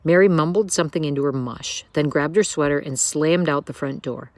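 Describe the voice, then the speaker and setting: A woman reads a children's book aloud. Her narration is expressive and lilting. She sounds like a storyteller. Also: low voice, a little fast, dry recording.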